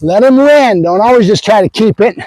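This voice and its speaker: High-voiced, lively dog trainer. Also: male voice, normal speed, low-quality recording. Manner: switches between explaining and high, excited praise to a puppy; casual, addresses viewers as guys. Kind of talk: hands-on training demo with commentary to viewers. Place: outdoors at a training area.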